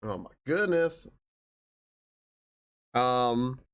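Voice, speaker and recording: A man's voice: medium pitch, animated, drawn-out words, fairly bright tone, smooth. A young man live-streaming a game, chatting in an upbeat way and greeting his viewers one after another.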